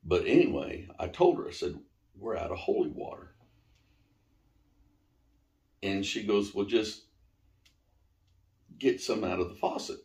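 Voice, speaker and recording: A middle-aged man, the host's father, telling a personal story in a casual, animated way and swearing now and then. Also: on the low side, moderate pace, pauses often. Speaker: interviewee, father of the host. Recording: roomy echo.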